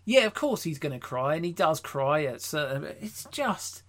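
A sardonic man riffing in a casual comedy review chat, his pitch bouncing in an animated way. He swears freely and laughs often. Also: moderate pace. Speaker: podcast co-host.

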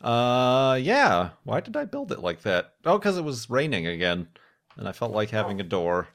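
Young male host, lively swooping voice, chatty gameplay commentary with jokey asides. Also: mid-range voice, moderate pace. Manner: chatty and playful, with jokey mock-formal asides. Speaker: game series host.

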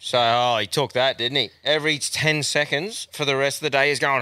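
Man, podcast host, casual, bright, dry sound. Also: medium pitch, steady tone, fairly quick, hardly any pauses, clear, resonant tone, dry recording. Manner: laid-back, laughs often, swears freely. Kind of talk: casual chat.

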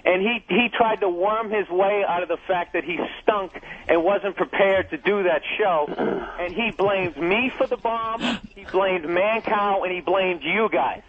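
Man, high voice, comedian, profane animated storyteller, tinny phone line. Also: measured pace. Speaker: comedian guest. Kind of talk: casual radio chat, storytelling.

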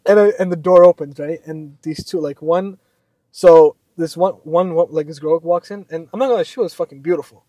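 Young male co-host, slightly high voice, dry close sound, rambling animated storyteller. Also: fairly quick, no echo. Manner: animated, swearing, many fillers. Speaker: podcast co-host. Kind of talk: casual storytelling chat.

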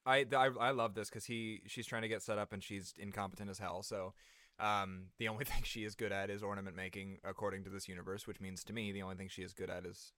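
A man's voice: on the low side, flat delivery, fast talker, sharp tone, no echo, clean studio sound. A man co-hosting a movie podcast, recapping the plot, laughing often, swearing casually. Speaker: podcast co-host. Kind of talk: casual movie-review chat.

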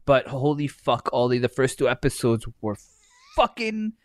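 Sweary podcast co-host, dry close sound. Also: male voice, medium pitch, sing-song, normal speed, no echo. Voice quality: sweary, laughing often, trails off and restarts. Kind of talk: casual chat.

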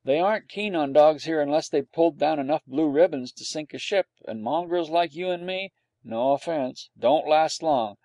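A man's voice: on the high side, normal speed, warm tone, no echo, close to an everyday voice. Man doing Jack, a brash streetwise terrier dog. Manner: brash, chummy, knowing. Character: young male boy-doted terrier, streetwise and blunt.

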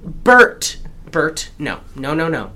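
A woman talks through a film on her podcast in loose, rambling chat. Her voice sits a little low but sounds bright and forward. She restarts sentences often and laughs along the way. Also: huge pitch swings, takes it slowly. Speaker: podcast co-host. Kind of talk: casual chat recapping a film.

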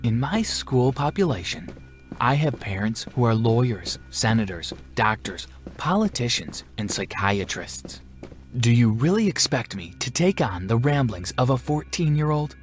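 A man voicing a stern, calm, scheming female school principal who talks in a cold, measured, threatening way, in a storybook reading. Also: medium pitch, faint music behind. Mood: calm menace.

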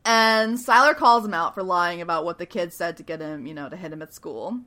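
Bright-voiced woman recapping with animation. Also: lowish voice, fairly quick. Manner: animated retelling, acting out quotes with frequent laughs. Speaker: podcast host recapping a TV episode. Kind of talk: casual chat.

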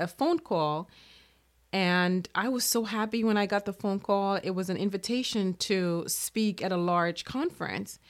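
A woman speaking as a motivational speaker in an earnest manner, now and then acting out the doubting inner voice. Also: medium pitch. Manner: earnest, acts out inner-voice quotes. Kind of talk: motivational talk.

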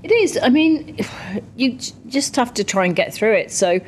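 A woman from the UK, a guest in a conversational interview, chatty and lively when telling stories. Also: a little high, normal speed, slight background noise. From United Kingdom. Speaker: interview guest, parliamentarian and ex-athlete.

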